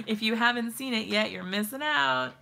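A woman's voice: on the high side, vocal fry, bright, forceful tone, slight background noise. A young woman chatting casually to viewers during a live craft stream, laughing often. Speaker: craft livestream host.

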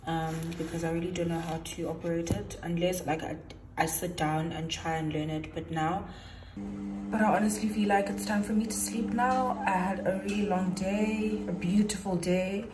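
A woman's voice: on the low side, steady tone, normal speed, over music. A young woman vlogging at home at night, chatting casually and laughing easily to her phone camera. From South Africa. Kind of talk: casual vlog chat to camera. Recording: echoey room with background noise.

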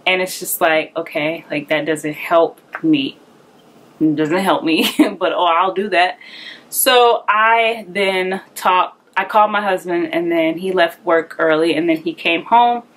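A woman's voice: lowish voice, measured pace. A young woman telling a personal story in a candid, conversational way, a little out of breath, acting out the voices she quotes. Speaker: vlogger.

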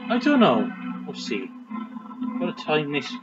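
A man's voice: fairly high pitch, wildly swooping pitch, measured pace. A man giving casual, jokey commentary while playing a video game, muttering to himself. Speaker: let's play commentator. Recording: dull lo-fi audio over game music. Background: game music.

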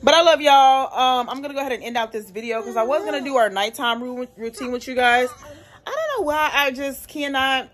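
High-pitched and a bit bright, her delivery is animated and brisk. She's a young single mom with a work-from-home job, chatting openly to her phone camera in an easygoing vlog, dropping the occasional swear word as she moves between the laundry room and the rest of the house.

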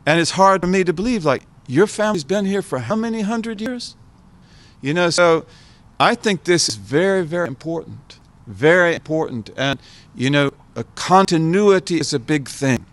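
A man's voice: high voice, animated, moderate pace. A man in his seventies from the United States, speaking to an audience as a guest scholar, reflective and repeating phrases for emphasis. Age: 70s. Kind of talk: informal talk to an audience.

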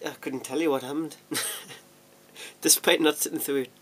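A man's voice: on the high side, fairly even intonation, a little slow, a bit bright. A young man rambling casually in a home vlog, chatty and self-deprecating, laughing often and restarting his sentences. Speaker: vlogger. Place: at home sorting DVDs.

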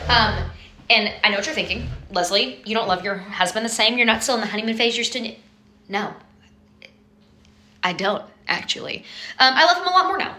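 A woman's voice: on the high side, lively intonation, fairly quick, pauses often, bright, forceful tone, roomy sound, a little hiss or hum. A young woman doing a comedic rant to camera, exasperated and emphatic, swearing for effect. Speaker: comedy video creator.

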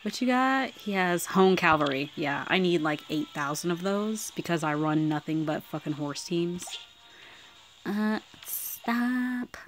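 Foul-mouthed excitable woman gamer. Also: fairly low pitch, a little slow, soft background music. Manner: excitable, swears freely, swings from squealing to muttering. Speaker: mobile game summoning vlogger. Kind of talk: casual gaming commentary.

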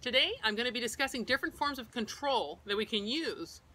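A woman's voice: fairly high pitch, animated, brisk, sharp tone, a little hiss or hum. A middle-aged woman who trains service dogs, explaining equipment in a practical, personal vlog style. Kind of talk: instructional vlog.

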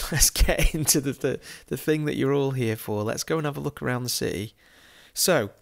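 A chatty Englishman with a gravelly edge talks casually as he tours a city on screen. He is amused and laughs often, dropping jokey asides at mid pitch. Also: normal speed. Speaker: football game YouTuber. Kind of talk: casual commentary over a virtual street tour.

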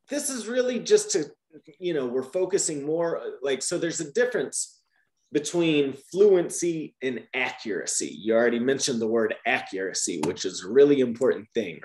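A man's voice: fairly high pitch, reverberant. A man explaining teaching methods to trainee teachers in a Q&A, often checking with "right?". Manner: lively, repeats "right?" to check understanding.

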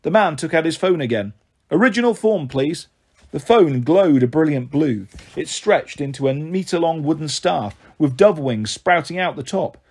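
A man reading a first-person storybook aloud. His delivery is animated and his pitch swings widely. His voice has a slightly husky grain. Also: normal speed, few pauses. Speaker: audiobook reader.

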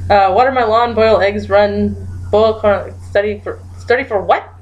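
A woman's voice: mid-range voice, fairly even intonation, normal speed, darkish tone, muffled recording. A woman casually commenting as she plays a guessing game, giggling and thinking aloud while she types her guesses. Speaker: gaming YouTuber.

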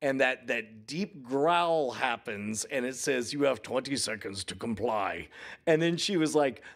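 A man in his forties chatting casually on a podcast, rambling and acting out quotes in lively voices. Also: medium pitch, a little slow. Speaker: podcast co-host. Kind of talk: casual chat.

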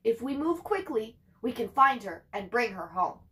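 A woman voicing a calm, steady village father who speaks firmly and quietly hushes others. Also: a little high, normal speed. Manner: firm, hushing.

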